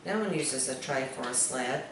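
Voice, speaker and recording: A woman's voice: extremely low pitch, animated, normal speed. A woman voicing a worried, stubborn little girl in a children's story read aloud. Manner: pleading, stubborn. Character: reluctant little girl, worried about teasing. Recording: echoey room, distant mic, noise.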